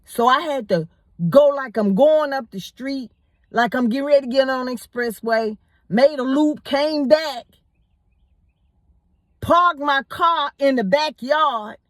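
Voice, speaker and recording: A woman telling a personal story in a casual, animated way, often repeating words as she goes. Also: sits high, a little slow, no echo. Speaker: storyteller host.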